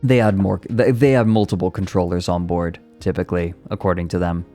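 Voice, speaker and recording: A man's voice: deep voice, flat delivery, a little fast, mellow, faint music behind. A male streamer reading an article aloud and breaking off into casual, profane asides. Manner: profane, rambling asides between read passages.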